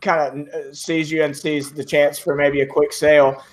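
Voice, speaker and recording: Guy running a tabletop game, kinda higher voice, lots of ums while he describes stuff. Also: little pitch movement, moderate pace. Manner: rambling, filler-heavy narration. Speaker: game master.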